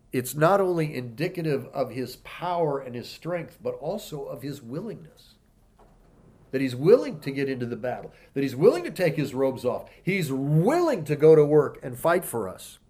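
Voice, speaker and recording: A man preaching a sermon, reading scripture aloud and slowing down to stress key words, then explaining in a conversational way. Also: medium pitch.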